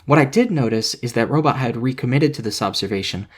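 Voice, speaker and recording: A man narrating a scripted video essay in a measured, analytical way. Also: mid-range voice, animated, slightly rough.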